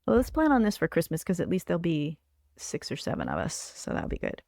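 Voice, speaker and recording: A woman's voice: fairly low pitch, huge pitch swings, a little fast, vocal fry, a little mellow, no room sound. Older female livestream host, chatty and rambling with lots of fillers; dry, close sound. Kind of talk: casual chat.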